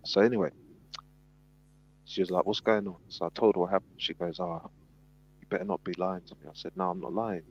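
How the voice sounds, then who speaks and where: Male panel guest, low husky voice, lively storyteller, muffled lo-fi sound. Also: fast talker, long pauses. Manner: animated storyteller, acts out quotes. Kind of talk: casual storytelling. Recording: dull lo-fi sound.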